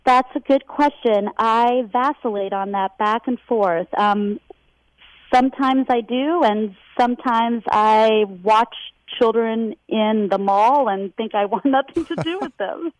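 A woman calling into a radio advice show, speaking in a measured, thoughtful and candid way. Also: a little high, no room sound, low-quality recording. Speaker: caller. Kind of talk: phone-in talk.

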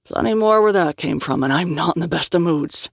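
A man's voice: on the high side, expressive, a little fast, gravelly, no room sound, studio quality. A narrator voicing a ginger male swordsman who speaks bluntly and with exasperation, in an audiobook. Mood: defiant.

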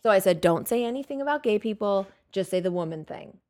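Animated profane woman telling a story. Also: mid-range voice, quick pace. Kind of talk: casual storytelling chat.

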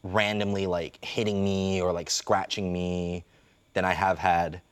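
A man co-hosting a casual group chat podcast, jokey and laughing, jumping into a high sing-song voice when he quotes himself talking to his dogs. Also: little pitch movement, unhurried, clear, resonant tone. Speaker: podcast co-host.

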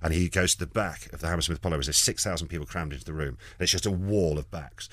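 Super deep guy rattling off funny stories fast, dry close sound, does little voices for the quotes. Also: fairly bright tone, no room sound. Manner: rambling storyteller, acts out quoted lines. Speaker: comedian guest. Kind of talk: anecdotal interview chat.

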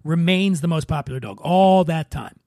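A man's voice: fairly high pitch, normal speed, a little mellow. A man hosting a casual drinking-game quiz, playful and teasing as he reads questions. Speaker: host.

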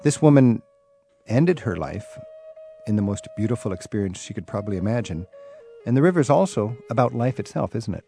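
A man's voice: fairly low pitch, expressive, a little fast, gravelly, warm tone, faint music behind. A man hosting a travel radio show, asking his guest questions with enthusiasm. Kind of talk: radio interview.

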